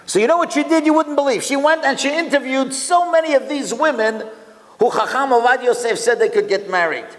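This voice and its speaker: Animated rabbi telling stories to a hall. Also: male voice, very high voice, fairly quick. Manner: animated, rhetorical questions, Hebrew and Yiddish terms. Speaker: rabbi and lecturer. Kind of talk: storytelling speech to an audience.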